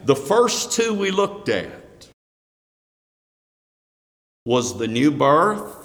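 A man preaching a sermon. He reads scripture aloud in a raised voice, then explains it slowly. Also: on the high side, very animated, a bit bright, big-room sound.

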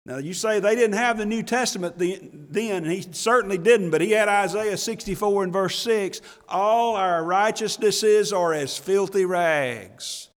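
High-voiced preacher in an echoing hall. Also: male voice, measured pace. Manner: folksy, animated preaching with chuckles and scripture quotes in old English. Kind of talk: sermon.

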